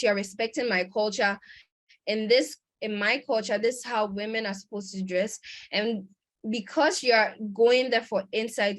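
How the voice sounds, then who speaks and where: A woman presents a conference lecture over a video call, talking at a middle pitch. She explains things patiently, with frequent pauses and self-corrections. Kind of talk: lecture on research methods.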